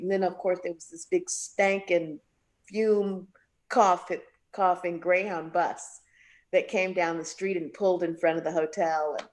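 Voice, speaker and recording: A woman jazz singer being interviewed, telling a story with lots of voices for the people in it. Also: a little slow. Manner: animated storyteller, acts out quoted voices with big pitch jumps.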